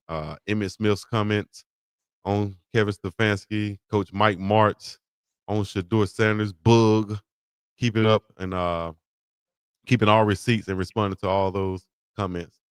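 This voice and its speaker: A man's voice: on the low side, fairly even intonation, moderate pace, clear, resonant tone, dry recording, clean studio sound. A man co-hosting a casual live-stream show, joking and laughing as he talks. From Alabama. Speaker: co-host.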